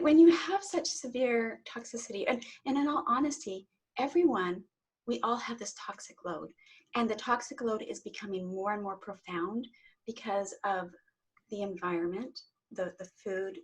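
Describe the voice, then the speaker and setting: Husky-voiced middle-aged woman. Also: mid-range voice, low-quality recording. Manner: earnest, emotional, repeats words when starting sentences. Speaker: interview guest, Reiki teacher. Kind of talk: personal story in conversation.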